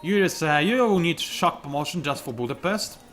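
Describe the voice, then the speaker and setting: A man's voice: a little high, animated, moderate pace, fairly bright tone, faint music behind. A young man giving casual, self-mocking commentary while playing a strategy game, with sudden outbursts at his opponents. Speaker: gaming YouTuber.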